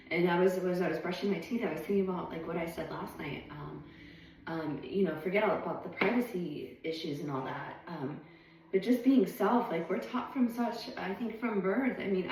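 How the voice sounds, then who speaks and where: A woman's voice: medium pitch, darkish tone, distant mic, slight background noise. A woman vlogging at home, rambling thoughtfully with lots of ums and hesitations. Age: adult. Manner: meandering, reflective, many ums. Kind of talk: casual rambling monologue. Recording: echoey room, voice off-mic, faint music.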